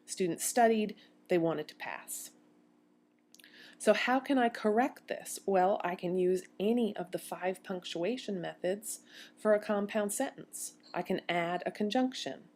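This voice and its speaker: A woman's voice: medium pitch, unhurried, a little mellow, a little hiss or hum. A woman giving a recorded grammar lecture as a university instructor, explaining step by step and posing questions to her students.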